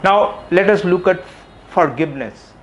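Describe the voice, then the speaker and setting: A middle-aged man giving a reflective public talk, asking questions and repeating phrases with frequent pauses. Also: high-pitched, lively intonation, muffled recording. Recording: faint background noise.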